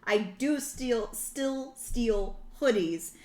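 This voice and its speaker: Young woman streamer rambling thru a language lesson, kinda high voice, laughs a lot, echoey room. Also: very slow, a little mellow. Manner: chatty, rambling, laughs often. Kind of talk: casual live-stream chat. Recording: roomy echo.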